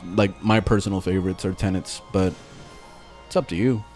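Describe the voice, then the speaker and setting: With faint game music playing, a low-voiced man streams a game at a moderate pace. He chats loosely, reads viewers' questions from chat, and tells a lively story packed with swearing.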